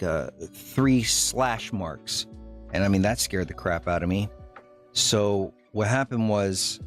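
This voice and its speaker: A man streaming live, telling a story to his chat in a rambling, halting way, full of fillers and restarts. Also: on the low side.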